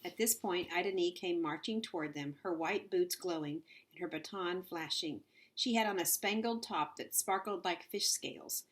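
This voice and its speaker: Low-voiced woman reading a storybook. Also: normal speed. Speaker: audiobook reader. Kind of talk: reading a children's novel aloud.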